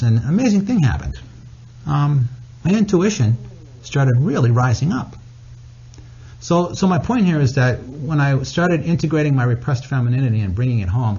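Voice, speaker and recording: A man talking as a podcast guest and author, candid and blunt, telling personal stories with animated delivery. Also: medium pitch, husky, highs cut off. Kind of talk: casual podcast conversation.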